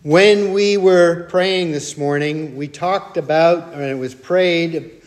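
Older male preacher, slightly high voice, earnest, leans on repetition and anecdotes. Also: slow pace. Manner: earnest, repetitive, with storytelling asides. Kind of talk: sermon.

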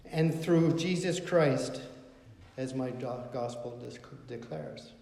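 A man's voice: medium pitch, takes it slowly, gravelly, dark tone. A man preaching a sermon, quoting scripture with emphasis and asking rhetorical questions. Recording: echoey hall with long reverb.

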